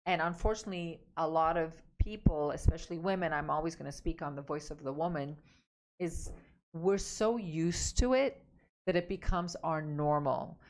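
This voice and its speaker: A woman's voice: deep voice, normal speed, darkish tone. A woman relationship coach giving emphatic, direct advice, repeating her key points. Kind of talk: advice talk to camera.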